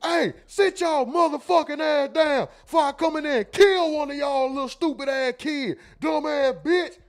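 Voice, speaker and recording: A man playing an angry father who yells profane threats at his kids from another room. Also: extremely high pitch, moderate pace, faint music behind, pitched above the performer's own voice. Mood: furious. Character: furious man yelling at his kids at home.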